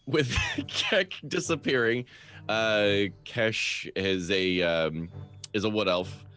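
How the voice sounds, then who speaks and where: Lively, playful man player. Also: fairly low pitch, takes it slowly, faint music behind. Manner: playful, laughing. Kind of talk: casual chat.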